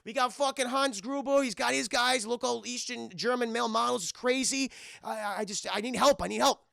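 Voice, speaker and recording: A man's voice: sits high, quick pace, gravelly, pushed and bright, no room sound, studio quality, exaggerated voice. A man doing a frantic cursing cop. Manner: frantic, profane. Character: panicked, cursing male cop begging for help.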